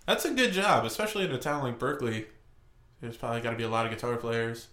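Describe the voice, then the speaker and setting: A man's voice: medium pitch, fast, bright, forceful tone. A man hosting a casual interview, asking curious, easygoing questions. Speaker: host. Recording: roomy echo.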